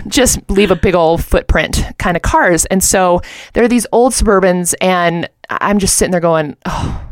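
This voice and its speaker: A woman in her thirties co-hosting a faith talk show, telling a story in a lively way and acting out the voices of the people in it. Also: mid-range voice, dry recording, studio quality. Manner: animated storyteller, acts out quotes. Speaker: co-host.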